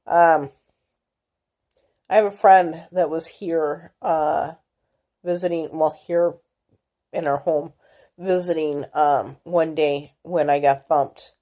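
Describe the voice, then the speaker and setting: Middle-aged female vlogger, lowish voice, candid, halting delivery. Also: fairly even intonation, warm tone. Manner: candid, halting, many fillers and restarts. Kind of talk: personal health story, casual.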